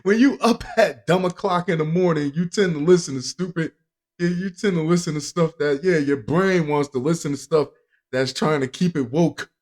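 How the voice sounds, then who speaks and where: A man's voice: fairly high pitch, moderate pace, darkish tone. Man, podcast host, casual chat, rambling, chuckling. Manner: rambling, chuckling, loose and joking.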